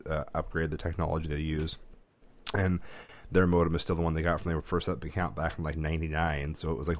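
A man co-hosting a podcast, telling rambling family stories in casual chat with restarts and laughs. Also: a bass voice. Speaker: podcast co-host.

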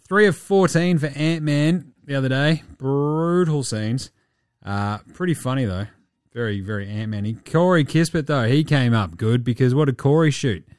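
Male host Australian, sweary, animated, dry close mic. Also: mid-range voice, normal speed, dry recording. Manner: profane, animated, laughing. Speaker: podcast host. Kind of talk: sweary casual sports talk.

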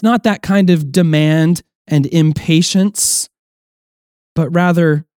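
A man's voice: on the high side, steady tone, slow pace, a little mellow, no room sound. Earnest male pastor preaching, dry sound. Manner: earnest, explanatory, with quoted voices and restarts. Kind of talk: sermon.

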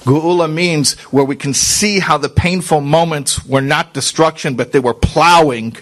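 A man teaches as a rabbi in an earnest, conversational sermon, his voice sitting somewhat higher than most men's. He speaks straight to his listeners with rhetorical questions and sprinkles in Hebrew and Yiddish religious terms. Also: measured pace. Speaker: rabbi giving a Torah class.

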